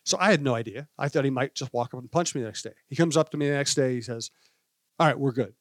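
A man from the Midwest, a sports writer and show guest, recalling an old story in a quick conversational way. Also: mid-range voice, no room sound, studio quality. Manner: fast, conversational recollection. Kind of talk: casual storytelling chat.

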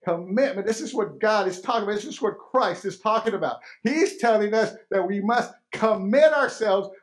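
A pastor delivers his sermon in a notably high, bright-pitched man's voice. He drives his points home by repeating phrases and firing off rhetorical questions at the congregation. The delivery stays emphatic and earnest throughout. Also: moderate pace.

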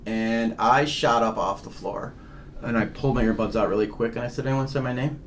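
Co-hosting a laid-back podcast on ghost hunting, this paranormal investigator speaks at a moderate pace in a voice on the low side. He rambles and keeps restarting sentences, with slight background noise behind him.

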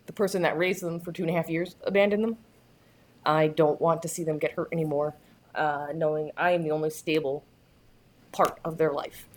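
Sex: woman. Pitch: lowish. Role: candid podcast guest. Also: fairly even intonation, fairly quick. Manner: candid, earnest, frequent restarts. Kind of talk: casual chat.

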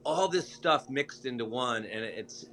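A man's voice: mid-range voice, expressive, measured pace, a bit bright. A man who works in news, speaking as a guest in a casual interview, talking in a chatty, rambling and enthusiastic way.

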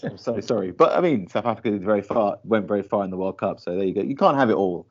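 A man with a very low voice chats casually as a podcast co-host. He laughs easily and fills his talk with ums and you-knows. The audio is dull and lo-fi, like a call recording. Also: lively intonation, quick pace. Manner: chatty, laughs easily, frequent fillers. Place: lives in Shanghai.

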